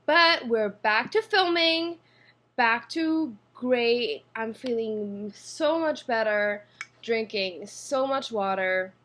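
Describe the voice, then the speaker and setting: A woman's voice: a little high, expressive, slow pace, fairly bright tone. A young Swiss woman with a Swiss accent, chatting casually to camera from her apartment, rambling with fillers and restarts, recorded on a computer mic. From Switzerland. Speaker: vlogger. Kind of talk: casual vlog talking to camera. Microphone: built-in computer mic.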